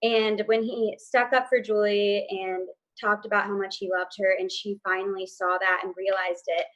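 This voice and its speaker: A woman co-hosts a relaxed TV recap chat at an ordinary pitch. She weighs her views out loud and hedges with frequent ums. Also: moderate pace. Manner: thoughtful, hedging with many ums. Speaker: co-host panelist. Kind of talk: casual TV recap discussion.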